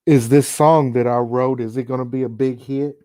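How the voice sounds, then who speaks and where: A man's voice: medium pitch, fairly even intonation, normal speed, warm tone, no echo. A man from Chicago hosting a paranormal livestream, chatting casually and laid-back with viewers and calling on spirits. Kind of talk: casual live chat.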